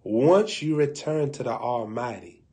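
Animated preacher man with loud bursts. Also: mid-range voice, measured pace. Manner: animated, swings between loud bursts and hushed asides; colloquial, laughs at his own jokes. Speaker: prophet preaching on a live broadcast. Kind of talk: humorous sermon storytelling.

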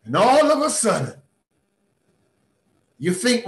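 A man who is a bishop, mentoring a class in a preaching style. He is emphatic, repeats words and breaks into sudden shouts. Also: extremely high pitch, lively intonation, slow pace, reverberant. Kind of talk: motivational teaching talk in a preaching style.

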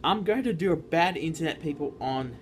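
A man's voice: on the high side, animated, brisk, a little hiss or hum. A teenage boy ranting casually to his viewers, rambling with frequent restarts and repeated words. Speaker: YouTube ranter. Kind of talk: casual rant vlog.

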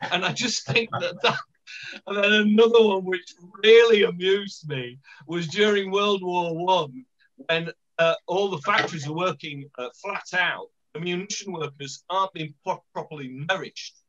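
A man comments with enthusiasm after a local-history lecture. His voice is bright and forceful, a little high. He joins from a video call, and the audio sounds dull and lo-fi. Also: moderate pace. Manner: animated, enthusiastic.

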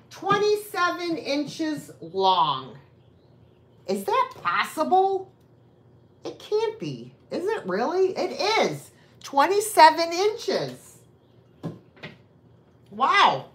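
In a casual live-stream sales chat, a woman talks with buyers and wanders into rambling jokes at her own expense. Her high, fairly bright voice swings hugely in pitch, stretching out words and leaving long pauses.

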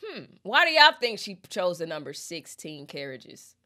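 A young woman, chatting expressively in a casual lyric breakdown and reading lyrics aloud slowly. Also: fairly low pitch, sing-song, sharp tone. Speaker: music reaction host.

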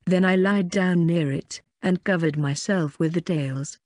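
A woman narrating a first-person fantasy audiobook in an even, plain reading. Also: on the low side, unhurried, no room sound, clean studio sound.

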